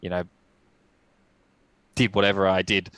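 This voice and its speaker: A young man telling his story as a guest, reflective and halting with many restarts. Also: deep voice, little pitch movement, a bit bright, smooth, no room sound, low-quality recording. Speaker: podcast guest. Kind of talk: casual storytelling.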